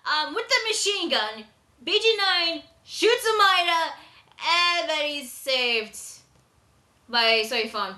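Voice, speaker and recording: A woman's voice: fairly high pitch, expressive, measured pace, pushed and bright. A woman giving a casual, chatty manga chapter review with sudden exclamatory outbursts. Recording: echoey room.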